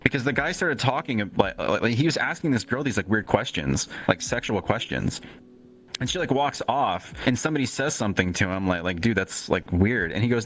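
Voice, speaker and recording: A man's voice: lowish voice, lively intonation, a little fast, a bit bright, poor audio. A man hosting a live stream, chatting casually and telling a rambling, profane story. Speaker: stream host. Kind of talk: casual chat.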